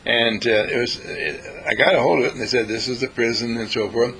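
A man's voice: mid-range voice, brisk, fairly bright tone, poor audio. A man telling a story to an audience, emphatic and repetitive, speaking straight to his listeners. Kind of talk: storytelling talk.

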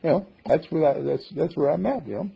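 A man's voice: a little high, a little fast, vocal fry, breathy edge, muffled recording. A man teaching a small group in a playful way, acting out little dialogues in different voices. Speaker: spiritual teacher. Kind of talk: group talk.

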